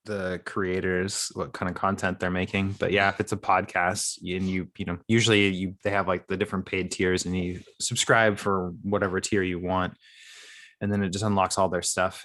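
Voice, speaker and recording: A man's voice: low-pitched, normal speed, dry recording, studio quality. A man co-hosting a podcast in casual chat, explaining things at length with an easy, playful manner. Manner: relaxed, explains at length, playful mock accents. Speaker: podcast co-host.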